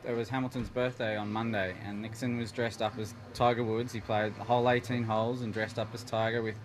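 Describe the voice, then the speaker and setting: Dad telling chatty anecdotes. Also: male voice, on the low side, level tone, fairly quick, a little hiss or hum. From Australia. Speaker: guest, father. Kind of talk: casual storytelling.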